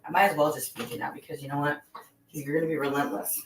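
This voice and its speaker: She's a fast talker with a low-pitched, fairly even voice, livestreaming casually from her home kitchen as she cooks. She chats with viewers and her barking dogs, still coughing a bit.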